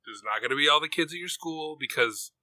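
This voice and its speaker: A man's voice: fairly high pitch, lively intonation, brisk, bright, forceful tone, no echo. A man in his thirties on a podcast, telling a rambling story in casual chat, swearing freely and acting out what people said. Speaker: podcast co-host.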